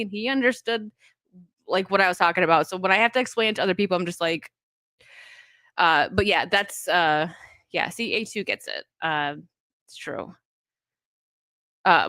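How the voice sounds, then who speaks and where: Bright-voiced American woman streamer, rambling. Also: fairly low pitch, animated, moderate pace, pauses often, no echo. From United States. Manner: rambling, many fillers and restarts, laughs often. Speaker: live streamer. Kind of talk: casual live-stream chat, reading viewer donations.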